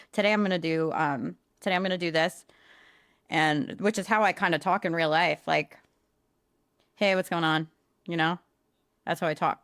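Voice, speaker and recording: A woman co-hosting a podcast who talks in a flat, self-described monotone with a casual, blunt manner and some mild swearing. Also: fairly low pitch, no room sound, clean studio sound. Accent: accent others comment on, likened to a nasal New York voice. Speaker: podcast co-host, social media marketer. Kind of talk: casual chat.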